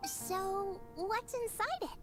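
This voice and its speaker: Paimon, a squeaky fairy sidekick. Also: female voice, slow. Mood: curious. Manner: chirpy, talks about herself in third person. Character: tiny excitable floating fairy companion girl. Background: game music.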